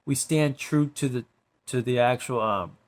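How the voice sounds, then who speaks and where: A man of ordinary pitch rambling on camera. He loops back to "bro" and "right" at the end of nearly every line. Now and then he drawls and lets his voice sink into quiet asides. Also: a little slow.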